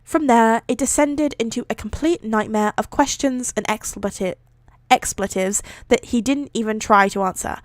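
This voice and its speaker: A woman's voice: fairly high pitch, normal speed, dry recording, clean studio sound. A British woman reading fan fiction live on her stream, chatty and giggly, often correcting herself. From Britain. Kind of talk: casual live reading aloud.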